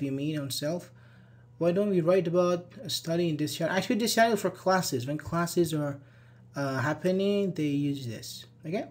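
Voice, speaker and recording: A man teaching English grammar in a live online class, explaining step by step, repeating examples and answering viewers' questions as they come in. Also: a little high. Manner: repeats examples and checks understanding.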